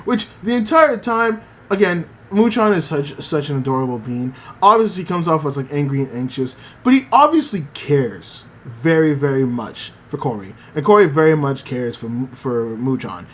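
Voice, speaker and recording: A man's voice: a little high, very animated, moderate pace, hardly any pauses. A man hosting a podcast, casually recapping an anime episode, rambling with many fillers. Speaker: podcast host.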